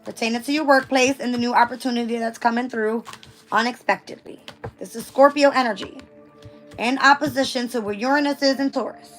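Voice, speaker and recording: A slightly high-pitched woman doing a casual tarot reading, her voice hoarse and wearing thin. She alternates between reading passages aloud and loose, chatty asides. Soft music plays faintly behind her. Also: steady tone, a little fast. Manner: reads passages aloud then riffs casually, swears. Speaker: tarot reader.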